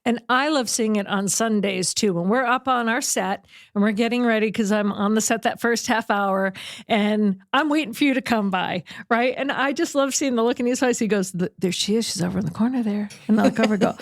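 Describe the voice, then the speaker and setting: A woman hosting a sports talk show, telling a personal story in an animated, chatty way with quick asides. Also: fairly high pitch, dry recording, clean studio sound. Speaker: radio sports talk host. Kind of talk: casual chat.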